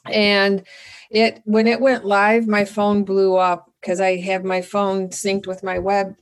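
Animated middle-aged woman telling a story. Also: medium pitch, a little slow. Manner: animated, excitable storyteller who acts out her own lines. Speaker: company founder, guest. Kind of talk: casual interview storytelling.

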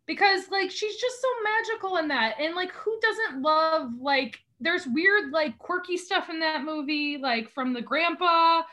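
Woman cohost, pretty high voice, lively chatty and teasing. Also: unhurried, few pauses. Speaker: podcast co-host. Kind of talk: casual chat.

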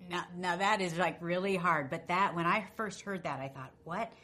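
A middle-aged woman co-hosting a radio talk show, telling a story in a feisty, expressive way. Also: on the low side, normal speed. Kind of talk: casual storytelling chat.

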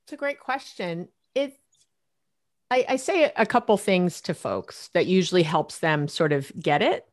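A middle-aged woman, a relationship therapist, talking casually in an interview, animated and laughing often as she acts out her clients' lines. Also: on the low side, unhurried.

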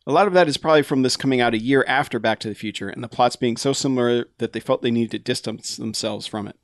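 Chatty podcast host reading email. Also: male voice, medium pitch, quick pace, dry recording, studio quality. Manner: laughs often while reading aloud. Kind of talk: casual chat.

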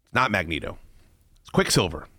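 A man hosting a podcast in casual chat, excitable and profane, often breaking into loud shouting. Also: low-pitched, fairly quick. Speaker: podcast host.

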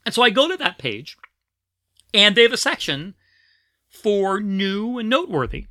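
A middle-aged woman co-hosts a casual podcast, her voice bright and forceful. She rambles, restarts her sentences and slips into giggles, recorded close up in a dry, dead room. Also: mid-range voice, big pitch swings, normal speed, no echo. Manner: rambling, giggly, self-interrupting. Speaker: podcast co-host.

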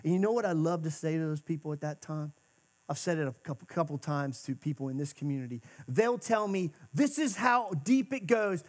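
Guy preaching in church, chatty and earnest, kinda higher voice, gets quiet then punchy. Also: fairly quick. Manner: conversational preaching, swinging from emphatic to hushed. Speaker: pastor. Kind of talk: sermon. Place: church sanctuary.

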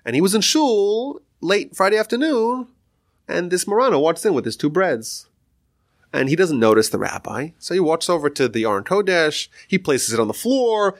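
Animated male storyteller, lively pitch. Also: moderate pace. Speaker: lecturer on Jewish history. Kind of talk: storytelling lecture.

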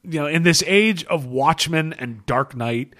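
A man's voice: a little high, measured pace, fairly bright tone. A man co-hosting a casual comic book podcast, rambling and swearing, laughing often, worn out after a long session. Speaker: podcast co-host.

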